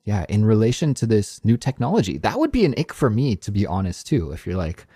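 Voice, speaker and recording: Easygoing man, deep mellow voice. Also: wildly swooping pitch, breathy edge, no room sound, studio quality. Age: late 30s to 40s. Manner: easygoing and agreeable, laughs along, measured phrasing. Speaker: podcast co-host. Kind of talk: casual conversational podcast chat.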